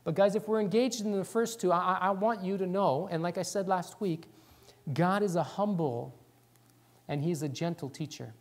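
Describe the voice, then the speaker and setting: A male pastor preaching a sermon in church, talking quickly and excitedly and sometimes dropping words. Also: high voice. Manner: talks fast and excitedly, drops words.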